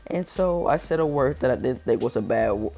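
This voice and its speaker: A man's voice: mid-range voice, expressive, a little fast, vocal fry, a little mellow. A teenage boy telling a school story in a casual, rambling, slangy way over gameplay. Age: teens. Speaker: gaming channel storyteller.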